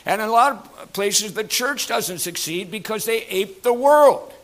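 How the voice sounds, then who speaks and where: A man pastor preaching a sermon in a folksy, joking way with many fillers, going from quiet asides to loud emphatic passages. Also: sits high, lively intonation, a little slow.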